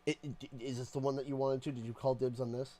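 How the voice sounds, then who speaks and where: A man's voice: mid-range voice, little pitch movement, fast talker, dark tone. A Canadian man hosting a casual live stream from his home room, joking and playfully complaining at his desk mic. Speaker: streamer host.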